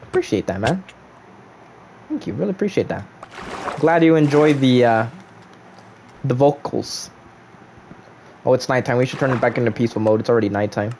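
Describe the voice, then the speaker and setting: A young man casually commentating his own game livestream, playful and animated as he jokes with viewers. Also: medium pitch, normal speed, pauses often, slight background noise. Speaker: streamer.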